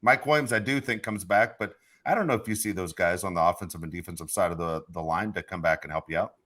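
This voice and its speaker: A man's voice: sits low, fast talker, a bit bright. A man hosting a sports podcast, frustrated and emphatic in casual chat. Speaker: podcast host.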